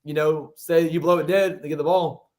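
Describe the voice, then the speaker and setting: A man's voice: on the high side, steady tone, normal speed, darkish tone. A man guesting on a sports podcast, chatting casually and rambling, often repeating words as he thinks.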